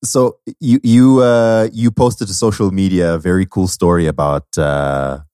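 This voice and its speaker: Low-voiced laid-back podcast host, a man. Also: steady tone, a little slow, warm tone, clean tone, no room sound, clean studio sound. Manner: laid-back, repeats words, says dope. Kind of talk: casual chat.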